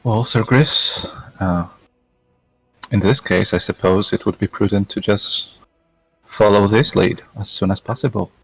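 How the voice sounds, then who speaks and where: A man with a low, gravelly, husky voice speaks in character at a tabletop game. His delivery is formal and measured. The sound is dry and close. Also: a bit bright, no room sound, faint music behind, rough recording. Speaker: player. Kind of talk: in-character role-play.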